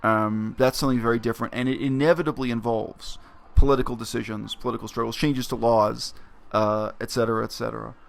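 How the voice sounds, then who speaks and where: A man talking through a story in a reflective, explanatory vlog monologue, with frequent pauses and fillers. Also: mid-range voice, steady tone, gravelly. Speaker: vlogger. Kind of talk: casual spoken monologue.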